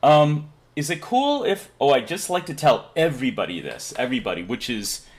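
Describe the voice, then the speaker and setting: A man hosts a live stream in loose, joking chat, reading his viewers' messages aloud. His pitch moves lively up and down, and he laughs easily. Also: normal speed. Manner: jokey, reads chat aloud, laughs often.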